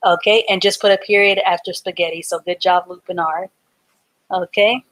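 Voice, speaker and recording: A woman's voice: fairly low pitch, fairly even intonation, moderate pace, fairly bright tone, no room sound. A woman teaching a live online reading class, patiently sounding out words letter by letter and syllable by syllable.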